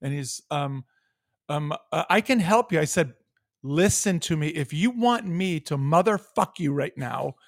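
A man's voice: on the high side, measured pace, vocal fry, dry recording, studio quality. A man from the United States telling a heated, profane story on a podcast, acting out both sides of a phone call. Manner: animated, profane, acts out phone calls. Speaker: podcast co-host. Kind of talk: casual storytelling rant.

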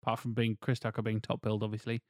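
A man's voice: lowish voice, monotone, very fast, dry recording, studio quality. A man co-hosting a casual film podcast, reading out the plot with sweary, wry asides. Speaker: podcast co-host. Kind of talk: casual film review chat.

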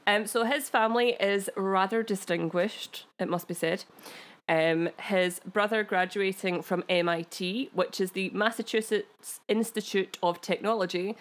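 A woman's voice: medium pitch, steady tone, a little slow. Scottish woman, podcast co-host, chatty storyteller who laughs at herself, mid-range voice. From Scotland. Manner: chatty, giggly, self-deprecating asides. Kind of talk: casual chat, telling a history story.

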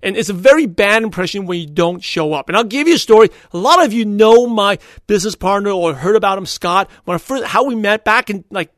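Guy with a high voice rattling off a story, dry close sound. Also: no echo. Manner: animated, quotes people in quick back-and-forth. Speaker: podcast host. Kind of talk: casual storytelling monologue.

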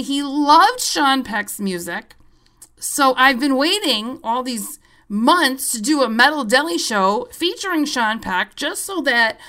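A woman podcast host telling a story in a casual, animated and profane way, with wry asides. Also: fairly high pitch.

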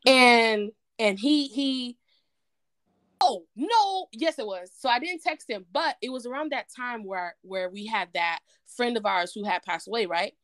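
Brief: woman co-host, lively storyteller, high-ish voice, dry close sound. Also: unhurried, no echo. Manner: animated storyteller, quotes others in dialogue. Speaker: podcast co-host. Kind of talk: casual chat, storytelling.

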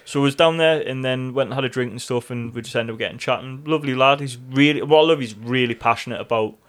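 A man's voice: mid-range voice, fast, a bit bright. A man co-hosting a podcast, chatting in rambling, sweary banter and laughing often. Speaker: podcast co-host. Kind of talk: casual chat.

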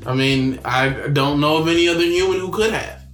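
A man's voice: a little high, a little fast, a bit bright. Agreeable man in an echoey room. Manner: agreeable, short affirming replies. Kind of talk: casual chat about anime. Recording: roomy echo, faint music.

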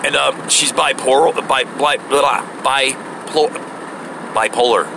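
A man's voice: mid-range voice, vocal fry, noisy background. A man voicing a young male job applicant who rambles and stumbles over his words. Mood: rambling. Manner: halting, filler-heavy, stumbling over words.

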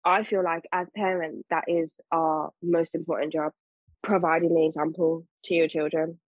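Mother as podcast guest: earnest, emphatic woman with a lowish, breathy voice. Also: level tone, moderate pace, no echo, muffled recording. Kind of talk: casual podcast conversation.

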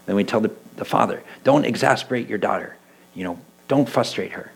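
A middle-aged man and church elder preaching a conversational sermon, telling stories with lively quoted voices. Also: lowish voice, brisk, vocal fry, breathy edge, low-quality recording. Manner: animated storytelling, voicing quoted people. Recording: mains hum in the background.

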